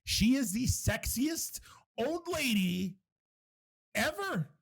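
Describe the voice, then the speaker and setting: A man's voice: extremely high pitch, slow pace, creaky, slightly rough. A man co-hosting a casual podcast chat, talking with lots of swearing and frequent laughter. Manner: animated, profane, laughing often. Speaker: podcast co-host.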